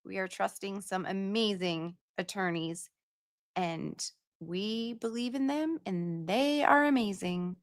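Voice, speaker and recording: A woman's voice: medium pitch, slow pace, no echo, clean studio sound. A woman hosting a casual livestream, reading out donor messages in a chatty, playful way. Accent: put-on accent at times. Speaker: livestream host reading donations.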